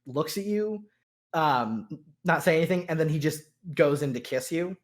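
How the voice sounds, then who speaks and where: A man's voice: a little high, lively intonation, normal speed. A man narrating a tabletop role-playing game as game master, hesitant and full of fillers.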